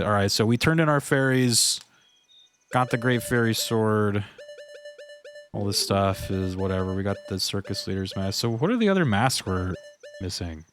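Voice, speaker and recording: A man streaming a video game live and chatting casually, in a laid-back, slangy way, calling out "dude" all the time. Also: lowish voice. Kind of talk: live gameplay commentary.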